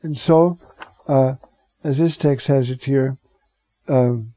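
A man's voice: mid-range voice, slow pace, long pauses, warm tone, no echo. A man preaching on scripture, digressive, with rhetorical asides and Hebrew words. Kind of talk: scripture teaching sermon. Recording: dull lo-fi recording.

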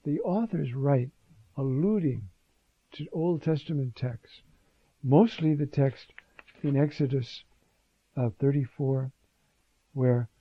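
Slow, gravelly man teaching scripture. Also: mid-range voice, no room sound, lo-fi sound. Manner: conversational, frequent "uh" and "you see". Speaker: Bible teacher. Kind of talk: scripture lecture.

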